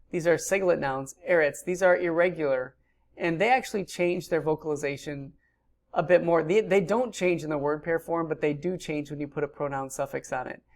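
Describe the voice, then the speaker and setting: Low-voiced woman teaching grammar patiently. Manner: patient, explanatory, with frequent ums. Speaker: Hebrew teacher. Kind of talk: recorded grammar lecture.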